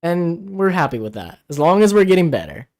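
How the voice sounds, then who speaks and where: With big pitch swings, a rather high register, a darkish tone and a slightly fast pace, a man co-hosts a laid-back livestream from his home in the Philippines. He chats and reads comments from viewers aloud, picked up by a camera-mounted mic outside the frame.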